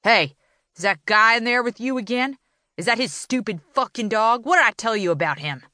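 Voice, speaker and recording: A woman voicing an angry, controlling young boyfriend who yells and snarls through a door. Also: on the high side, lively intonation, moderate pace, no room sound, studio quality, pitched above the performer's own voice. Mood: snarling. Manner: yelling, snarling.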